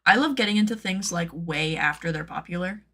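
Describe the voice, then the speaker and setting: Chatty streamer woman with vocal fry. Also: a little fast, bright, forceful tone. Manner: chatty, rambling, full of "like"; playful, jumps into high silly tones. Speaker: cosplay pattern maker and streamer. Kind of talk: casual stream chat.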